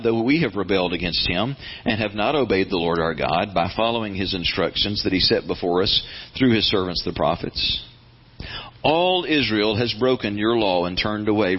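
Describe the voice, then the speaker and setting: An American man preaching a sermon and reading scripture, talking earnestly and conversationally, then building to animated emphasis. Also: lowish voice, moderate pace, husky, dull audio. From United States. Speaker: pastor.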